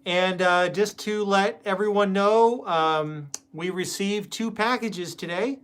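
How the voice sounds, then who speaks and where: A man's voice: high-pitched, slow pace, fairly bright tone, clean tone. A man hosting a casual live stream, chatting and greeting viewers by name with plenty of fillers. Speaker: host.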